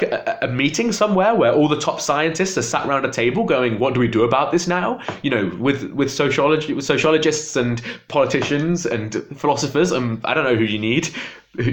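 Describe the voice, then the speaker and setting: A young vlogger speaks to camera in an impassioned political rant, his mid-range voice a little fast. He sounds exasperated and agitated, and his voice jumps up when he gets upset.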